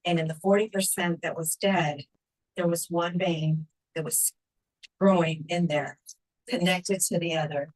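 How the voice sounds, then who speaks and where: A woman's voice: lowish voice, steady tone, measured pace, darkish tone. A woman in her fifties, a conference speaker candidly telling a personal testimony, close to tears at times. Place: large conference hall. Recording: echoey hall.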